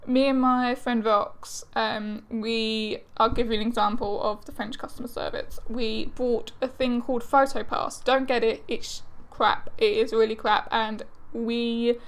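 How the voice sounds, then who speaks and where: A woman's voice: a little high, steady tone, unhurried, hardly any pauses. A young woman vlogging casually to camera, chatty and exasperated, with lots of fillers.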